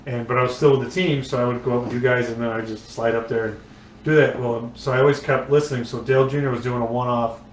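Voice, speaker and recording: A man's voice: medium pitch, level tone, quick pace. Man co-hosting off-mic in an echoey room. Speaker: podcast co-host. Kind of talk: casual podcast chat. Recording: roomy, distant mic, faint noise.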